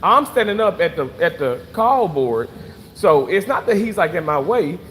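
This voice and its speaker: A man casually venting to his viewers, animated and swearing freely, repeating himself for emphasis. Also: high voice, normal speed, long reverb tail, slight background noise. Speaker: vlogger reading live chat.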